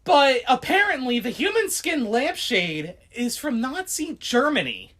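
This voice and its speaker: Woman podcast co-host, lively storyteller, bright and high. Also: a little slow. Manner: animated, laughing storyteller, quotes people in put-on voices. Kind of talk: casual chat.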